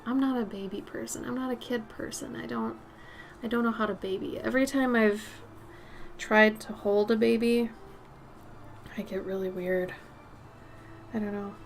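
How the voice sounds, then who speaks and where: A woman with a raspy, smoky voice chatting casually while she paints on a live stream, her nose a little stuffy. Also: medium pitch, normal speed, pauses often, slight background noise. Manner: chatty, drifts between topics, soft murmured asides.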